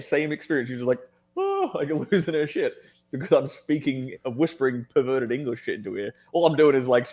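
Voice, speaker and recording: Speaking at a medium pitch, an Australian man tells stories as a guest in an informal conversation, staying lively and laughing often.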